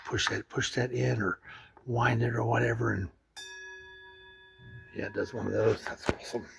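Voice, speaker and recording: A man's voice: mid-range voice, fairly even intonation, moderate pace, creaky, a little hiss or hum. A man chatting casually as he tours a lodge room, rambling with lots of fillers and restarts. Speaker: vlogger touring a lodge. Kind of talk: casual walkthrough narration.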